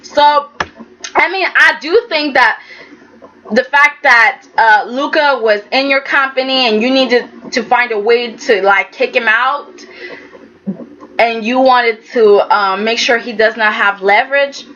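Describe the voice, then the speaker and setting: A woman giving a casual, animated recap of a soap opera episode, talking straight at the characters. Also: a little high, measured pace, highs cut off.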